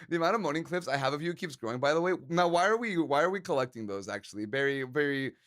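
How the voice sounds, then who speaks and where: Joking streamer man with a higher voice. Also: animated, quick pace, a bit bright. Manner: playful, joking, laughs often. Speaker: livestreamer chatting with viewers. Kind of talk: casual live-stream chat.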